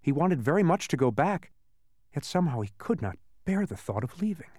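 A man narrating a children's storybook with a very lively, rising and falling voice. The recording is close and dry, and he reads it with plain enjoyment. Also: fairly high pitch, brisk, no echo. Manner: expressive reading aloud.

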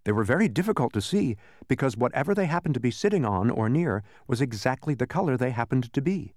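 A man reading a storybook aloud in an expressive narration that slows down for effect. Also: mid-range voice, dry recording, studio quality.

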